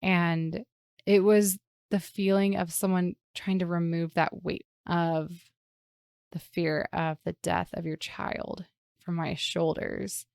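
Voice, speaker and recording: A woman's voice: lowish voice, level tone, slow pace, gravelly, a little mellow, smooth, no echo, clean studio sound. A woman hosting a podcast, telling a personal story in a reflective, emotional way, with many "like" fillers. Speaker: podcast host and parent.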